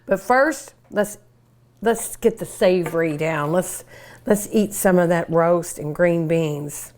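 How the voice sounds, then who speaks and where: A woman's voice: fairly low pitch, slow pace, darkish tone. An older woman hosting a cooking show, chatting and gushing enthusiastically while she eats. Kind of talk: casual cooking show talk.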